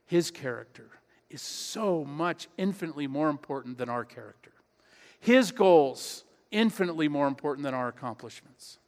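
A man's voice: on the high side, expressive, normal speed. A pastor preaching a sermon in his church, earnest and emphatic, repeating key phrases. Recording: long hall reverb.

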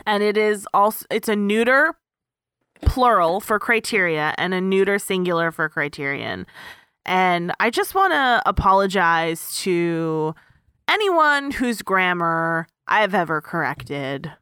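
A woman co-hosts a podcast in casual chat, lively and precise as she works through careful corrections. Her voice is bright and swings freely up and down. The sound is dry and close. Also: lowish voice, a little slow, clean tone, dry recording. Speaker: podcast co-host.

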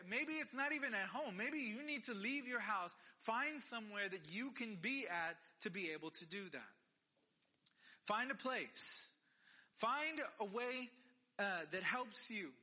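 A man with a high, very bright voice preaches in a casual, conversational way. He presses his points with emphatic repeated phrases. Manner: conversational, emphatic repetitions, animated. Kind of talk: casual sermon.

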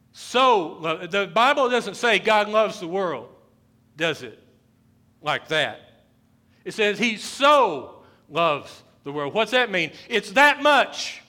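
A man preaching a sermon in church, his voice bright and a touch higher than most men. He repeats key phrases for weight and builds to loud, pressing bursts before dropping back down. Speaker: pastor. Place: church sanctuary.

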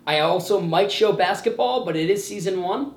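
A man's voice: high-pitched, moderate pace. A young man in his twenties hosting a casual podcast chat, telling stories animatedly and acting out quotes. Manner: animated storyteller, acts out quotes with laughs. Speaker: podcast host. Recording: roomy echo.

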